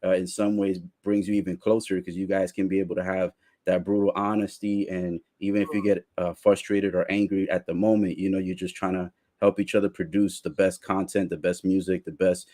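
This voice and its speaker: A man's voice: low-pitched, flat delivery, brisk, mellow. A man hosting a podcast interview, encouraging his guests with lots of agreeing sounds and laughter. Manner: encouraging, frequent backchannel and laughter. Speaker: podcast host. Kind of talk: casual interview.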